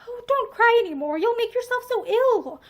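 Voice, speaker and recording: A kind, sensible young woman, soothing and matter-of-fact, as a woman reads her lines from a storybook. The voice is very high and lively. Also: normal speed.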